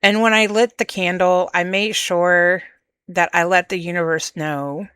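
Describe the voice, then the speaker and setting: A woman hosting a podcast, talking candidly and emotionally about her own feelings in a slow, searching monologue. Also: lowish voice, fairly even intonation, a bit bright, clean tone, no room sound. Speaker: podcast host. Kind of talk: personal reflective monologue.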